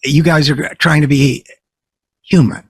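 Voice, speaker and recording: A male interview host with a husky, somewhat high voice, telling stories in a relaxed conversational way. His voice sounds dry and close, with no room around it. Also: measured pace, no echo. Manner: conversational storyteller, animated. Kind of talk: political interview.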